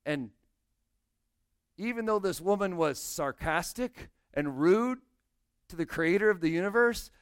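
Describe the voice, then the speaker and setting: A man's voice: sits high, expressive, measured pace, long pauses, clear, resonant tone, no echo, clean studio sound. A male pastor preaching a sermon, explaining scripture and speaking directly to his congregation.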